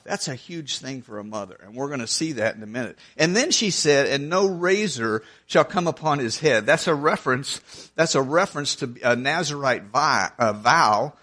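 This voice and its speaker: A man's voice: medium pitch, animated, moderate pace, bright, forceful tone. A man preaching a sermon, reading scripture verse by verse and explaining it in an earnest, conversational way, often restarting his phrases.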